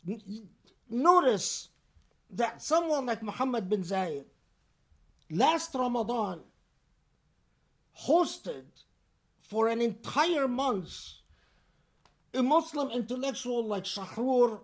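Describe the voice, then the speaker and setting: A man preaching a Friday sermon in a deliberate, emphatic and pointed way. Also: extremely high pitch, expressive.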